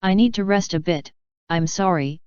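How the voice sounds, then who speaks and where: A woman voicing an earnest young female crystal pony in a storybook reading, gentle and sincere. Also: lowish voice, normal speed, clear, resonant tone, no room sound, close to an everyday voice. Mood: tired. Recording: dull lo-fi dry recording.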